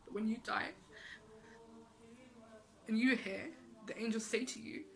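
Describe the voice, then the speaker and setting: A woman's voice: a little high, steady tone, measured pace, vocal fry, long pauses, fairly bright tone, a little hiss or hum, poor audio. A woman giving an earnest, emotional religious talk, repeating phrases for emphasis. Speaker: Islamic speaker.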